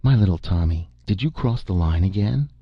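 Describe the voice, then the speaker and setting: A worn-out, flat-voiced mother speaking softly to her son, as a male narrator reads her in a storybook. The voice stays low and gravelly, and the recording is dull and dry. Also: normal speed, no room sound, exaggerated voice. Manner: flat, soft. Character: tall thin tired mother, soft with her son.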